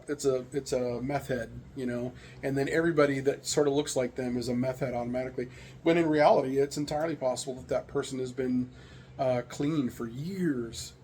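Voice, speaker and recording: A middle-aged American man talks in a loose, rambling way, full of fillers and restarts. His voice has a gravelly texture, with a faint hiss of noise behind it. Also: medium pitch, darkish tone. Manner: rambling, candid storytelling with frequent fillers. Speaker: vlogger sharing opinions. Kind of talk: casual monologue.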